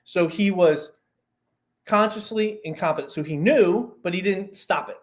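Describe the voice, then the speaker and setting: A performance coach appears as a guest on a casual podcast, telling a story in a lively voice that rises and falls. His pitch is a bit high for a man, and he interrupts his explanations with quick asides.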